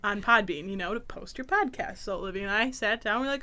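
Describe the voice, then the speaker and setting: A woman co-hosting a casual podcast, telling an exasperated story in an animated way. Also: mid-range voice, fast talker, slight background noise. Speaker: podcast co-host. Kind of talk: casual chat.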